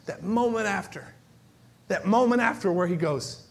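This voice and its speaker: A man preaching a sermon as pastor, moving from near-whispers to shouted cries and repeating phrases for emphasis. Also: high-pitched, moderate pace.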